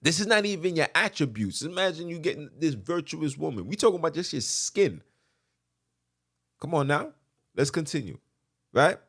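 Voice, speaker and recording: A man's voice: a little high, big pitch swings, normal speed, long pauses, fairly bright tone, slightly rough. A man hosting a podcast, delivering a preachy monologue that quotes scripture, emphatic and repetitive, often asking "right?". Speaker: podcast host.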